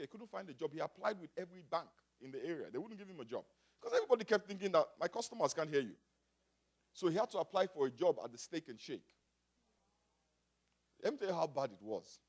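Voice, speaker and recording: A man from Africa preaching a sermon, moving from quiet talk to loud shouting and calling out to the congregation. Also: a little high. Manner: builds from quiet to shouting, call and response. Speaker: pastor.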